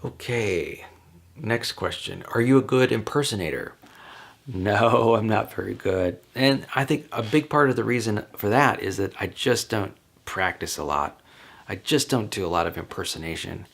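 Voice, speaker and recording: A man with a low, gravelly voice chats on his own, working through a list of questions. He rambles easily, stopping for ums and small laughs as he thinks out loud. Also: animated, normal speed. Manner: rambling, chatty, with frequent ums and light laughs. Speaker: vlogger. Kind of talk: casual solo talk answering questions.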